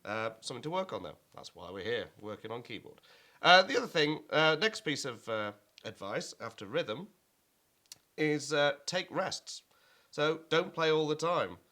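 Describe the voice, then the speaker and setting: A man's voice: fairly high pitch, expressive, normal speed, sharp tone. A man teaching an online keyboard lesson, explaining at an easy pace with fillers and now and then chanting rhythm words over his playing.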